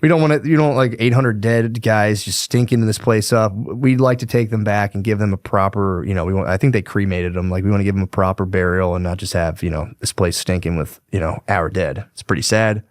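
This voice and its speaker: A man's voice: fairly low pitch, fairly even intonation, brisk, hardly any pauses, dry recording, studio quality, close to an everyday voice. A man doing a slangy laid-back tribal chief. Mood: apologetic. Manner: casual slangy bro-speak. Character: laid-back male native chief asking to collect dead.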